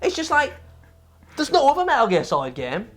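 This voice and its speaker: A woman's voice: high-pitched, huge pitch swings, brisk, soft background music. A woman co-hosting a game review show, ranting about a game in casual, profane, exasperated chat.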